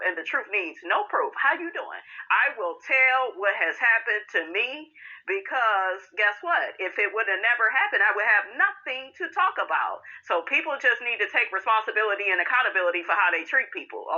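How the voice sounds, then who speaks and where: A woman hosts a podcast in a sassy, chatty way, dropping "honey" and "okay?" all through. Her voice is strikingly bright and sharp. The recording is dull and lo-fi. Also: fairly high pitch. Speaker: podcast host. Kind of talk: casual reality TV recap.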